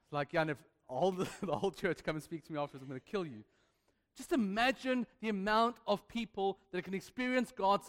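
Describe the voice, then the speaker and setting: A man's voice: sits high, a bit bright, in a large hall. A man preaching a sermon as pastor, emphatic and playful, with repeated refrains and asides to the congregation. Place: church hall.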